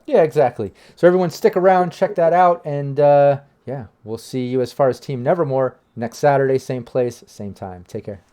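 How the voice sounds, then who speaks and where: A man's voice: medium pitch, moderate pace, hardly any pauses, mellow, a little hiss or hum. A man hosting a tabletop game stream as game master, narrating a scene and signing off in a loose, casual way. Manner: casual, profane, with fillers.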